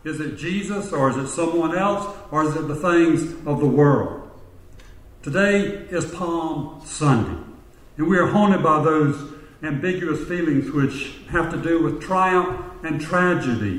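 A man's voice: a little high, echoey room, distant mic, rough recording. A man preaching a sermon, telling a story and repeating phrases for emphasis. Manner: storytelling, rhetorical repetition. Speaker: pastor.

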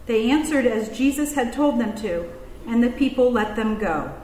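A woman giving the scripture reading at a church service in a measured, clear way. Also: a little high, animated, darkish tone, echoey room, in a large hall, rough recording. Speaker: scripture reader.

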